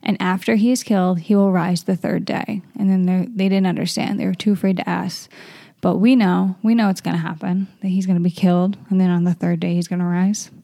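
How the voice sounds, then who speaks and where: A woman's voice: lowish voice, steady tone, brisk, gravelly, mellow, no echo, studio quality. A young woman reading scripture aloud and then musing about it informally, with frequent fillers and self-corrections. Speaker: Bible reading host. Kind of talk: casual Bible reading and reflection.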